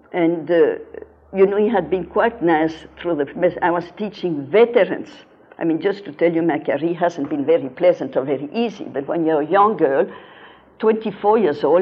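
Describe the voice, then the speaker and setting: A woman's voice: fairly low pitch, breathy edge. An older woman giving a philosophy lecture, telling stories from her teaching and stressing key words with earnest emphasis. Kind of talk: lecture with personal anecdotes. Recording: dull lo-fi recording.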